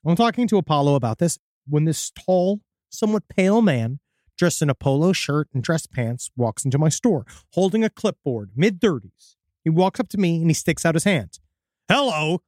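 A man's voice: a little high, darkish tone, dry recording. A man co-hosting a podcast, casually reading out a listener's creepy story and swearing now and then. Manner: casual, profane, dips into voices for quoted people.

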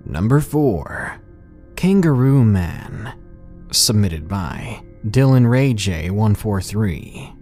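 A man reading out submitted scary stories as scripted horror narration, slow and measured. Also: lowish voice, big pitch swings, darkish tone, soft background music.

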